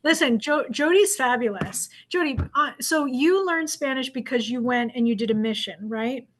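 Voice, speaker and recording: A woman in her thirties with a slightly higher voice hosts a video call. She is upbeat and teasing, and she praises the people she talks to. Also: lively intonation, moderate pace. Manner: enthusiastic and teasing. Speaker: host of an accountability call. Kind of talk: casual chat.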